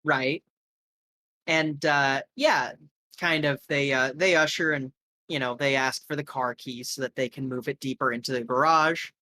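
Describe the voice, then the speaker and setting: A man's voice: mid-range voice, steady tone, measured pace, pushed and bright. A man narrating a tabletop game as game master, rambling casually with lots of fillers.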